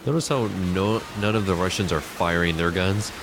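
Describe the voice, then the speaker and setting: A man's voice: low voice, normal speed, noisy background. A man co-hosting a podcast, making dry wisecracking remarks while his friend plays a game. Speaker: podcast co-host. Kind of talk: casual gameplay chat.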